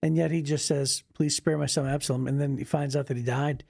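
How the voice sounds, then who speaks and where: A man co-hosting a church talk, discussing a Bible story in a gravelly voice with an emphatic, conversational manner. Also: fairly high pitch, fairly even intonation, fairly quick, a little mellow, no room sound, clean studio sound. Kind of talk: casual discussion.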